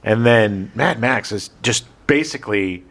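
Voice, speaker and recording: A man's voice: fairly low pitch, measured pace, creaky. A man co-hosting a podcast in casual, joking chat about movies. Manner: animated, joking, chatty. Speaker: podcast co-host.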